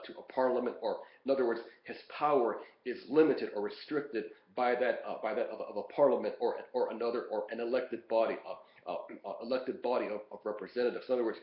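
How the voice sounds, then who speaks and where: A man lecturing on course readings, talking casually with many fillers, restarts and repeated words. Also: medium pitch. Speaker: college instructor. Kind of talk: lecture recording previewing readings. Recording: echoey, dull lo-fi room recording.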